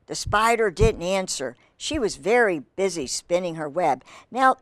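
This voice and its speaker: A woman's voice: fairly high pitch, clean tone, no echo. A woman reading a picture book aloud to children, with chatty asides to her young listeners and playful animal sounds. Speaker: children's storyteller.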